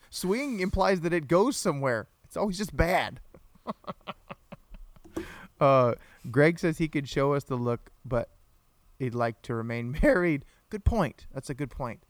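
Prowadzący podcastu, mężczyzna: żartobliwy, często się śmieje, czyta komentarze widzów; nagranie suche, bez pogłosu. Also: male voice, fairly high pitch, animated, a little slow, pauses often, dry recording. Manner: joking, laughs often, reads viewer comments aloud. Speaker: podcast co-host. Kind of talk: casual live-stream chat.

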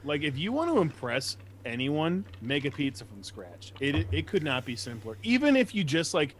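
A man's voice: on the high side, very animated, normal speed. A young man co-hosts a casual chat podcast, swearing freely and firing off opinions. A faint hiss of noise sits under his voice. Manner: profane, ranting, opinionated. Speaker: podcast co-host.

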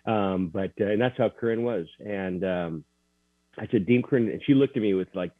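Man, interview guest, earnest storyteller, halting restarts, lowish voice, thin phone line. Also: dry recording. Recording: tinny dry phone line.

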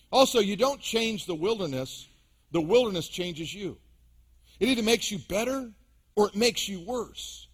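A middle-aged man with a high-pitched voice delivers a sermon from the pulpit. He mixes scripture with funny personal stories and often turns to question his congregation directly. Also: a bit bright, slightly rough. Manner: storytelling, humorous, addresses the congregation directly. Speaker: pastor.

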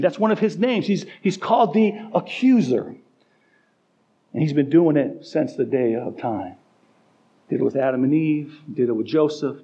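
A man's voice: a little high, warm tone, breathy edge, dull audio. A male pastor preaching a sermon emphatically, acting out quoted voices along the way. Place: church.

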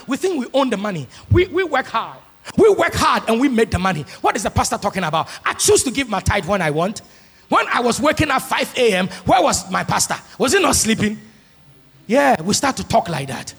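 A pastor preaching a sermon, moving from soft asides to shouted, sung-out lines. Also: male voice, sits high, big pitch swings, moderate pace, breathy edge. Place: large church hall. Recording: long church hall reverb.

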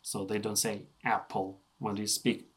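A man's voice: fairly low pitch, fairly even intonation, normal speed, a bit bright. Man, Russian accent with British tinge. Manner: explanatory, often restarts phrases. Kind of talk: casual chat.

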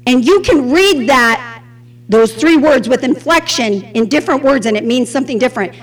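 A middle-aged woman with a Southern US accent teaching a Bible lesson. She talks in an animated way and acts out the quotes she tells. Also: high-pitched, normal speed. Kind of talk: sermon.

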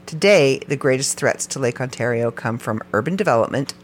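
A podcast host narrates a script of facts. The host often breaks off into joking side comments. The delivery is lively, and the pitch leaps high and drops low. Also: a little fast, faint music behind. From Canada. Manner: reads facts, then breaks off into playful, joking asides; animated, with sudden jumps up and down in pitch. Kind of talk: podcast narration read from notes.

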